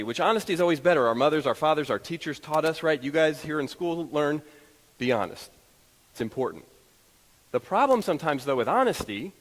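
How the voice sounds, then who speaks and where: A man giving a motivational talk to an audience, telling stories in an animated, self-deprecating way. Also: mid-range voice, big-room sound, low-quality recording. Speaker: motivational speaker. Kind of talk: storytelling keynote talk to an audience.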